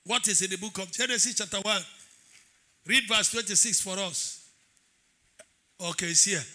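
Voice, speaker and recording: Pastor, male, sermon delivery with shouted declarations; sharp, high voice. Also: moderate pace. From Nigeria. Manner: preaching with call-and-response, swelling into shouted declarations.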